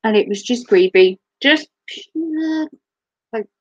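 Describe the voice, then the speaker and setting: A woman's voice: on the high side, expressive, slow pace, lo-fi sound. A woman chatting casually on her live stream, giggling often and swearing freely. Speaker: livestreamer.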